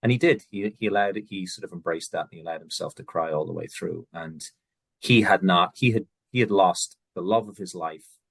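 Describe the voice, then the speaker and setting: A man from Ireland with an Irish accent, speaking softly and thoughtfully in a reflective conversation as host. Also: deep voice, fairly quick, creaky, breathy edge, no room sound.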